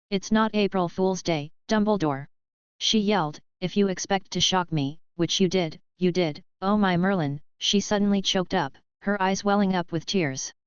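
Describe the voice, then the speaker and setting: A woman narrating an audiobook in a steady, even reading style. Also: lowish voice, clean tone, no room sound, dull audio.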